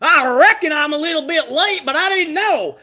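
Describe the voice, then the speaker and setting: A man's voice: very high-pitched, lively intonation, moderate pace, sharp tone, voice pushed up, exaggerated voice. A man putting on a mocking impression of a brash cowboy wrestler who rambles boastfully in a hollering folksy twang. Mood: rowdy.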